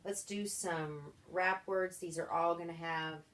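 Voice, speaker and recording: A woman with a low voice leads a one-on-one reading lesson. She gives clear, patient instructions and quick words of praise after each attempt. A faint hum of the room sits behind her. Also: steady tone, fairly bright tone. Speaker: reading tutor.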